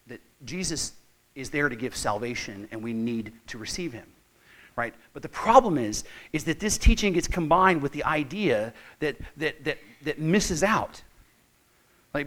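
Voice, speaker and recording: Male pastor preaching, high bright voice, emphatic with stuttered restarts. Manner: emphatic preaching that builds to loud, slow climaxes. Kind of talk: sermon.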